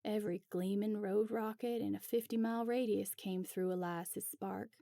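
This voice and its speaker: A woman's voice: mid-range voice, fairly even intonation, moderate pace, creaky, dark tone, a little hiss or hum, close to an everyday voice. Woman reading as a hearty middle-aged man. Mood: nostalgic. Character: cheerful middle-aged man, jokey and proud.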